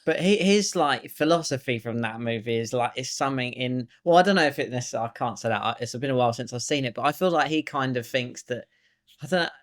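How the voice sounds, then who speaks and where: A man co-hosting a podcast, chatting loosely about films, halting often with "like" and "you know". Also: medium pitch. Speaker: podcast co-host. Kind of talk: casual film discussion.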